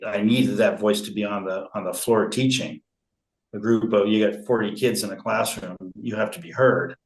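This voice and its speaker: A man speaking in an interview about conflict resolution, slow and measured, with frequent fillers and restarts. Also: on the low side, echoey room, poor audio. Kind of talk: relaxed interview talk.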